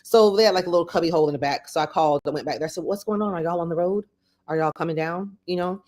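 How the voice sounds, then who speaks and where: A woman's voice: on the low side, racing, a little mellow. Middle-aged woman telling a personal story. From Florida. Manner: conversational, repeats herself, quotes others aloud. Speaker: podcast host.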